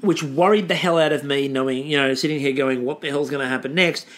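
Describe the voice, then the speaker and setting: A man's voice: medium pitch, quick pace, a bit bright, slight background noise. Rambling man recapping a show. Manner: rambling recap with frequent ums. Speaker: podcast co-host. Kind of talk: casual chat.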